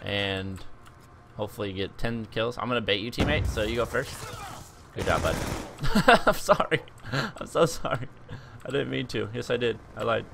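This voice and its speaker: A young man giving joking, excitable commentary over his own gameplay as a video host. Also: mid-range voice, normal speed, vocal fry, background noise. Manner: animated, joking, exclaims at the game.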